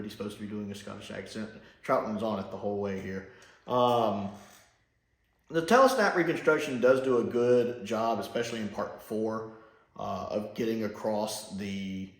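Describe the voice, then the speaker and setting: A man giving a casual, enthusiastic spoken review, rambling with lots of fillers. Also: on the low side. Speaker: sci-fi reviewer. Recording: roomy echo.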